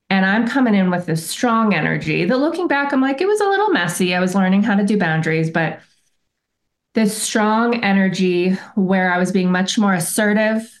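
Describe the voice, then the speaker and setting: A woman's voice: mid-range voice, animated, moderate pace. A woman guest on a podcast, telling a personal story in a reflective, earnest way and sometimes restarting her sentences. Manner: reflective and earnest, often self-correcting. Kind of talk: conversational interview storytelling.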